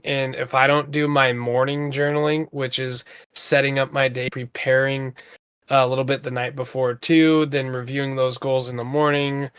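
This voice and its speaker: A man's voice: mid-range voice, fairly bright tone, clean tone. A man in his thirties co-hosting a podcast, talking in an earnest, rambling way with lots of fillers. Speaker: podcast co-host. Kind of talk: casual motivational talk.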